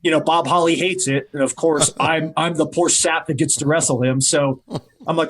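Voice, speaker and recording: A man with a slightly high voice tells a long backstage story on a podcast. He is a wrestler guest in his forties, chatting casually. He jumps into the voices of the people he quotes as he goes. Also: moderate pace. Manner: animated storyteller who acts out quoted voices.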